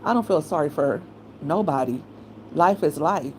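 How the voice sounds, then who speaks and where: A woman's voice: sits low, expressive, normal speed, darkish tone, slight background noise, poor audio. A middle-aged woman, talking bluntly and casually as she gives her opinions on her commentary channel.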